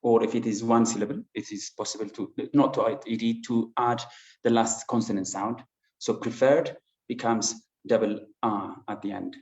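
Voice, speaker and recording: A man's voice: on the low side, fairly even intonation, moderate pace, a little mellow. A man teaching an English class online, patiently explaining with many fillers and restarts. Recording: dull lo-fi sound in an echoey room.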